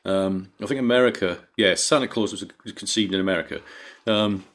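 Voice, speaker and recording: Low-voiced sweary bloke. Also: male voice, a little fast, a bit bright. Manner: rambling, sweary, laughs easily. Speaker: podcast co-host. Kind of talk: casual comedy chat.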